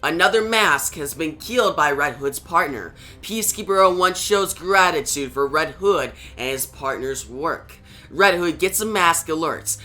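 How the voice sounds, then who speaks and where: A man reviewing a comic book, reading its plot aloud in a steady recap. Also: fairly high pitch.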